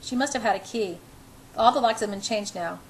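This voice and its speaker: A woman's voice: medium pitch, a little fast, slight background noise, lightly acted, low-quality recording. A woman voicing a brooding, controlling young man, spoken intensely and insistently. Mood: earnest.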